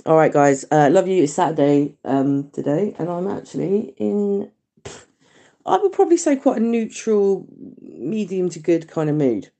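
A woman with a low, mellow voice leaves a cheerful voice message. She is chatty and swears casually. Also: very animated, moderate pace. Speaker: caller. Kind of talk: recorded voice message.

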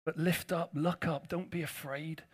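A man's voice: fairly high pitch, fairly even intonation, unhurried, husky. A male pastor preaching a conversational sermon, with jokey asides to his congregation.

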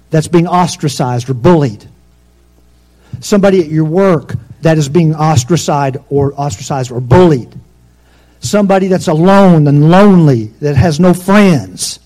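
A pastor preaching a sermon, swinging between loud emphatic peaks and soft, low asides. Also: male voice.

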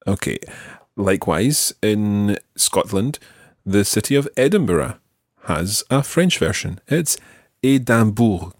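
Husky, lively-voiced male French teacher. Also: on the low side, no echo, clean studio sound. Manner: patient, models phrases slowly and clearly. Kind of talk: language lesson with a learner.

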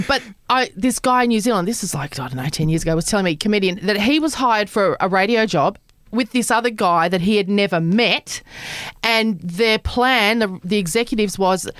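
A woman co-hosting a podcast in casual chat, telling animated stories and mimicking callers. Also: mid-range voice, moderate pace, clean tone, dry recording. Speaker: podcast co-host.

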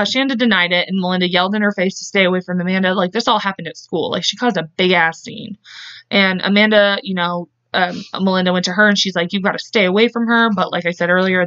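A woman's voice: fairly low pitch, fairly bright tone, dry recording. Woman podcast host, casual swearing storyteller, dry dull-sounding mic. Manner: chatty, swearing, laughing asides.

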